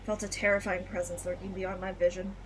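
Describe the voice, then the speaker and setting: A woman voicing a young witch fortune teller, reading the game's dialogue aloud in a hushed, uneasy way. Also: fairly low pitch, level tone, fairly quick, background noise, voice pushed down, natural voice.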